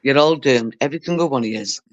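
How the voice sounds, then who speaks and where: A man with an average-pitched voice chats casually and jokes around. He tells quick anecdotes in a lively, offhand way. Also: lo-fi sound. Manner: chatty, jokey, quick anecdotes. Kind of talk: casual chat.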